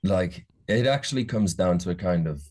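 A musician with a soft Geordie accent, chatting casually in an interview and rambling through many restarts. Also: male voice, sits low, lively intonation, moderate pace. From Newcastle, England. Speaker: musician guest.

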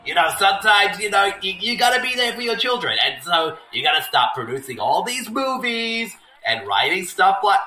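A man's voice: high voice, big pitch swings, normal speed, hardly any pauses, sharp tone, roomy sound, low-quality recording. A man riffing and joking over a movie, rambling with lots of fillers.

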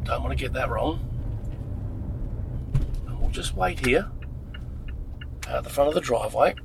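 A man's voice: medium pitch, animated, a little slow, creaky, noisy background. A man with an Australian accent, chatting casually and easily with slang as he drives a rideshare car and hosts his vlog. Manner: chatty, friendly, easygoing slang. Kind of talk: casual chat while driving. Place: inside a car.

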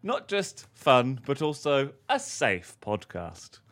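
A man's voice: medium pitch, wildly swooping pitch, slow, fairly bright tone. A man co-hosting a podcast, playing a quiz contestant who complains, swears and laughs in casual comedic banter. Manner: mock-exasperated, swears and laughs.

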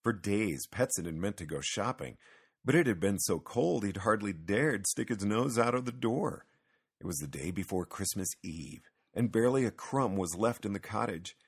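A man reading a children's Christmas story aloud with lively, expressive storytelling. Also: fairly low pitch, normal speed, slightly rough. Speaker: narrator.

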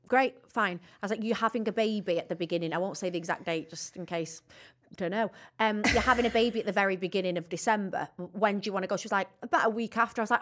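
A woman's voice: medium pitch, animated, quick pace, a bit bright. A woman co-hosting a podcast, telling stories in a chatty, cheeky way and often giggling. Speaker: podcast co-host. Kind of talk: casual chat.

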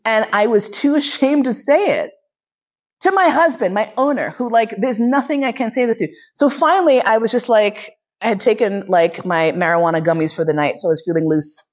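A woman's voice: on the high side, a little fast. A woman hosting a podcast, telling a personal story in a candid, chatty way and filling her talk with "like.". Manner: candid and chatty, many "like"s, bursts of laughter. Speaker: podcast host. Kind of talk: casual confessional storytelling. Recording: slightly muffled lo-fi recording.

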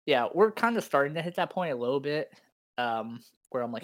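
A young man on a casual podcast who tells animated stories. He laughs often between his lines. His voice sits at an ordinary middle pitch. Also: brisk. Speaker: podcast co-host. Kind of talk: casual chat.

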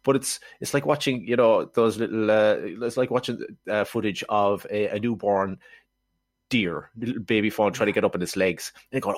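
A man co-hosting a film podcast, talking in a quick, wry, sardonic way and going off on comic tangents. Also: lowish voice, no room sound, studio quality. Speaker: podcast co-host. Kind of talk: casual film review chat.

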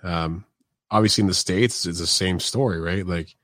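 A man's voice: deep voice, moderate pace, a bit bright, dry recording, studio quality. A man hosting a podcast interview, talking casually and loosely with lots of fillers and restarts. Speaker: podcast host.

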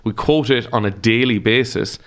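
A man's voice: mid-range voice, moderate pace. A man with an Irish accent, a comedian guest chatting casually on a podcast and telling stories with laughs and swearing. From Ireland.

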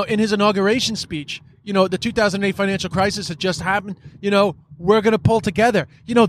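Male podcast host, casual ranting monologue, slightly high voice, profane and filler-heavy, faint noise behind. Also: a bit bright. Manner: frustrated, profane, many fillers.

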